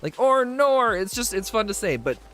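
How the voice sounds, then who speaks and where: A man's voice: high voice, very animated, quick pace, fairly bright tone, soft background music. A man in his twenties chatting casually on a game livestream, reading out viewer messages and laughing easily as he tells stories. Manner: chatty, reads chat aloud and answers viewers. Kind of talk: casual livestream chat while playing.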